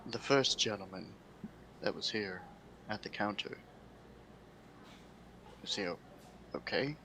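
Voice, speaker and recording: A big, intimidating adventurer in a tabletop game, played by a man in his own voice. He talks politely and hesitantly, in a lowish register. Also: slow pace, sharp tone, slight background noise, heavily acted, poor audio.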